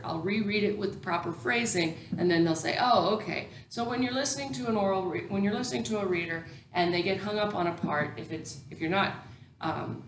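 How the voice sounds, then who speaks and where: A woman's voice: fairly low pitch, echoey room, a little hiss or hum. A woman teacher educator giving a recorded lecture, explaining patiently with many ums and restarts.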